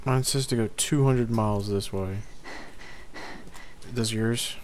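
A man's voice: lowish voice, takes it slowly, a little mellow. A man casually commenting while playing a game with his cousin, joking and exclaiming at what happens. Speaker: gaming co-host. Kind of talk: casual let's-play commentary. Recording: noisy game-capture audio.

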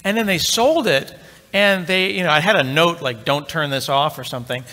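A man's voice: high-pitched, lively intonation, fairly quick, sharp tone. A middle-aged man giving a live conference tech talk, telling a story in a chatty, joking way and speaking straight to the crowd. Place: large conference hall. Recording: long reverb of a large hall.

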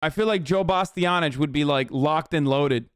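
A man's voice: fairly high pitch, normal speed, clean tone, no echo, clean studio sound. A man casually reacting to a cooking show on a live stream, swearing and rambling with lots of fillers. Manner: profane, animated, rambling with many fillers.

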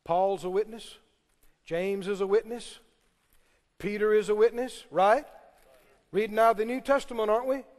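A man's voice: high-pitched, steady tone, moderate pace, long pauses, a little mellow, in a large hall. A man preaching a sermon, emphatic and firing questions at the congregation. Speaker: pastor.

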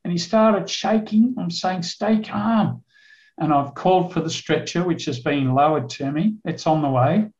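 A man's voice: fairly high pitch, moderate pace, hardly any pauses, a little mellow. An older man, preaching a sermon through a vivid story and acting out the dialogue. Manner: vivid storytelling, acts out dialogue in his telling. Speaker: guest preacher, retired police officer. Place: church. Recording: echoey, dull church recording.

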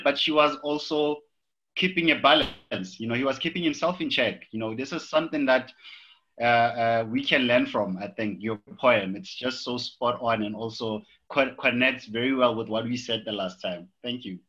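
A man with a South African English accent co-hosts over a video call, his voice bright and forceful. He talks in a casual, encouraging way at a middle pitch. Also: moderate pace, highs cut off. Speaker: webinar co-host. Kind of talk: casual online chat.

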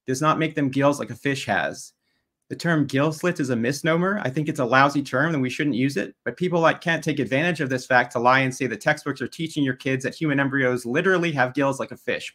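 A man presents his side of a debate slide by slide. His voice sits at an ordinary middle pitch, and his delivery stays methodical and pointed, sometimes turning mocking toward his opponent. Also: fairly bright tone. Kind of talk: debate opening statement over slides.

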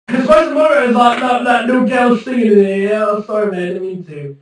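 A man's voice: very high-pitched, fast talker, few pauses. A young man livestreaming, rambling and self-mocking with plenty of swearing. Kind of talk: casual livestream chat. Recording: very echoey room from far off, faint music.

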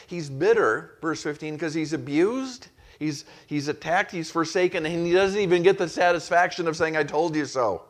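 A man's voice: fairly high pitch, moderate pace, few pauses. A male pastor preaching an expository sermon, acting out the quoted voices with rising intensity. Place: church.

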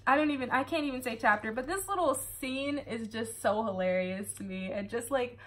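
A woman's voice: on the high side, fairly quick, a bit bright. A woman reviewing a book in a casual, chatty way, full of sarcastic asides and laughter.

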